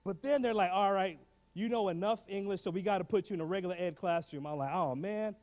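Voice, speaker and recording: A man speaking as a guest speaker, telling his story in an animated, slangy way and acting out the voices of people in it. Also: sits high, quick pace. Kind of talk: motivational school talk. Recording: long reverb of a big hall.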